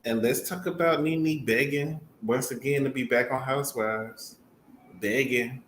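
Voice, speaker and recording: A man's voice: mid-range voice, steady tone, measured pace. A man co-hosting a casual gossip chat, matter-of-fact and opinionated. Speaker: co-host. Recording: roomy echo, faint noise.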